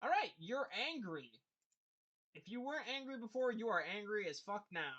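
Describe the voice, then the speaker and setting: A game master narrating a tabletop game scene in a rambling way, full of pauses and restarts. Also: medium pitch, very animated, fairly bright tone, muffled recording. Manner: rambling, many fillers and restarts.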